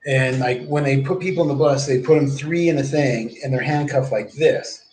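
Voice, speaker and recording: Swearing freely, a man in his forties wanders through a long personal tale on a livestream, voicing other people's quoted lines. He speaks at a moderate pace in a medium-pitched, darkish voice, in an echoey room with faint background noise.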